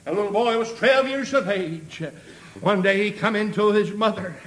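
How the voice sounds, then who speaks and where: A man preaching a sermon, building rhythmically into shouts with many amens and a habitual "uh" before phrases. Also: high-pitched, moderate pace.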